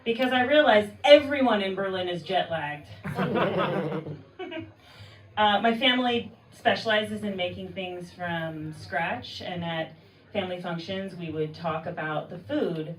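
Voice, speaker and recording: A woman from Oakland, California doing a stand-up comedy set, telling stories deadpan with quick asides and acting out the people she quotes. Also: fairly low pitch, recorded from a distance, slight background noise. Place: live comedy club with audience. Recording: echoey room, mic heard from afar, crowd laughter.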